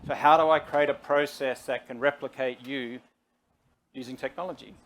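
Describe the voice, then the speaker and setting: A man's voice: mid-range voice, normal speed. Aussie guy middle aged, pumped up and persuasive, talking to a crowd, bit of background hiss. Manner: energetic, persuasive, talks to the audience directly. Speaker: guest CEO. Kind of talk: conversational stage interview.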